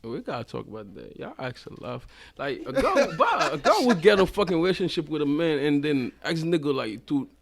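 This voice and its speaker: A man co-hosting a casual podcast chat, speaking loosely and haltingly, with lots of "like" and swearing. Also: on the high side, big pitch swings, vocal fry. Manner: loose and halting, full of "like" and restarts, with profanity. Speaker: podcast co-host.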